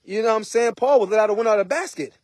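A man's voice: sits high, racing, dry recording, clean studio sound. A man preaching an informal sermon in a conversational way, often asking "right?" and "you know". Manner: conversational, repeats rhetorical questions.

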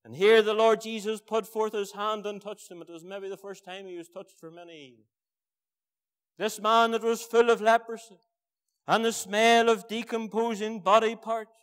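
A man with a Northern Irish accent preaching a fervent evangelistic sermon in a church meeting, swinging between hushed pleas and loud emphatic cries. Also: very high voice, clear, resonant tone.

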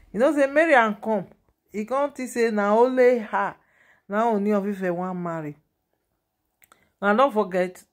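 A woman vlogger speaking Nigerian Pidgin English, chatting in a lively, gossipy way and laughing at the story. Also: mid-range voice. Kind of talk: casual gossip vlog.

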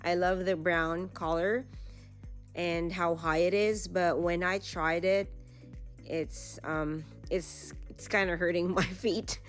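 A woman's voice: on the low side, steady tone, takes it slowly, soft background music. A woman vlogger giving casual shop-along narration inside a retail store, chatting about the items as she browses. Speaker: vlogger host.

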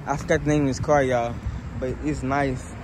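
A young man with a Southern US accent, chatting loosely and excitedly as he walks viewers around cars outdoors on a hot day, filmed on a handheld phone. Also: medium pitch, normal speed, noisy background. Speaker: car vlogger. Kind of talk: casual walkaround car vlog.

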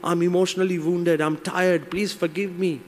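A man's voice: high-pitched, level tone, normal speed, darkish tone, pitched above the performer's own voice. Brief: a double-crossing fable man, groveling and wheedling, as a storyteller puts him on, in a long-echo hall. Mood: pleading. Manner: wheedling, pleading when caught. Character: scheming, cowardly man in a fable.

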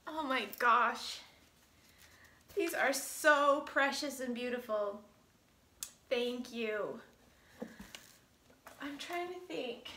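A woman vlogger with a high, bright voice, chatting slowly and gushing with emotion as she opens fan mail. She sounds close to tears, in an echoey room. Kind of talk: casual chat.

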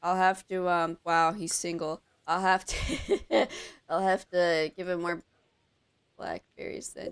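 A woman's voice: on the low side, fairly even intonation, slow pace, clean tone. A woman streamer in a casual gaming stream, groggy and out of it, sarcastically cursing at game characters.

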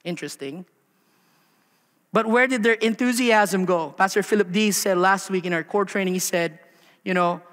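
Guy pastor preaching, really high bright voice, big church echo, lots of questions. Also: normal speed. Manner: animated preaching with rhetorical questions and quoted voices. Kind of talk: sermon. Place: church sanctuary. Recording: long hall reverb.

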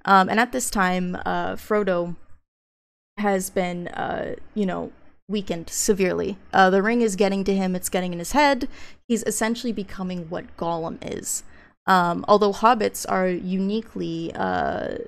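A young woman giving a casual academic presentation, reading book passages aloud. She hesitates often with ums and uhs, and turns blunt and profane when she gets worked up. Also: mid-range voice. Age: young adult. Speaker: graduate student presenter.

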